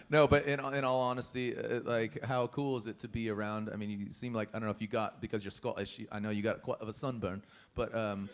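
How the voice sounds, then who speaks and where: A man hosting a live motorsport press conference, joking and teasing the young drivers with lots of laughs. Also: mid-range voice. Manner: teasing, playful, laughs often.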